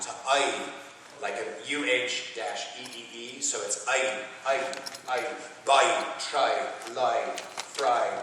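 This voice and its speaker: A man from Texas answers questions at a convention panel. His voice is bright and lively, and he laughs easily between stories. He is recorded from far off in a big echoey hall with a faint hiss. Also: mid-range voice. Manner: chatty, laughs often, animated storytelling. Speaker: voice actor and panel guest.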